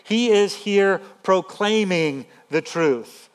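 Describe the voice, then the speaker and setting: A man pastor giving a sermon in an animated, emphatic, conversational way. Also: sits high, slow pace, clear, resonant tone.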